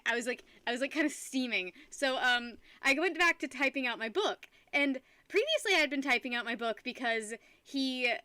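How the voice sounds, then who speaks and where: High, bright-voiced young woman streamer. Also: dry recording. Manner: rambling, animated storytelling with frequent laughter. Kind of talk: casual chat with live stream viewers.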